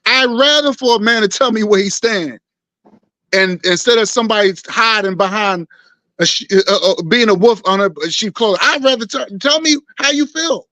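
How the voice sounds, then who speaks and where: Blunt high-voiced man, dry sound. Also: normal speed, sharp tone, no room sound. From New York. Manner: blunt, casual, profane. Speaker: discussion participant. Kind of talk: casual group chat.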